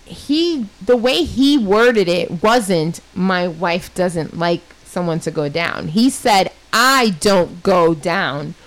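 A woman's voice: fairly low pitch, animated, takes it slowly, few pauses, rough recording. A woman in casual podcast banter, insistent and argumentative with slang.

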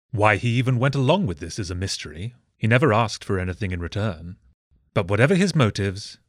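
A man narrates a comedic history story in a low voice. His pitch moves in a lively way, and he delivers sardonic, deadpan asides. The sound is close and dry, with faint music underneath. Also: dry recording.

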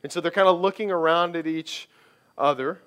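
A man's voice: a little high, fairly quick, fairly bright tone, clear, resonant tone. A male pastor preaching a conversational sermon, slipping into the voices of people he quotes.

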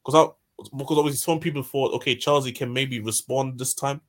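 Guy talking football prediction, rambly, restarts a lot, mid pitch. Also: steady tone, a little fast. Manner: rambling, repeats himself. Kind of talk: casual football chat.

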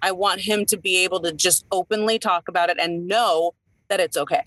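A woman's voice: lowish voice, fairly even intonation, fairly quick, fairly bright tone, dry recording, low-quality recording. A woman in her thirties, an entertainer co-hosting a casual chat, talking in a rambling way with many fillers and restarts. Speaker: podcast co-host, entertainer.

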